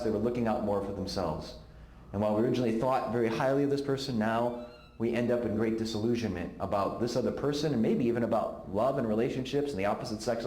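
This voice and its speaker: A man's voice: mid-range voice, a little mellow, echoey room. A middle-aged man speaking at a conference, telling a story and acting out the voices of the people in it. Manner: storytelling, acts out quoted voices. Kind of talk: talk to a live audience. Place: conference hall.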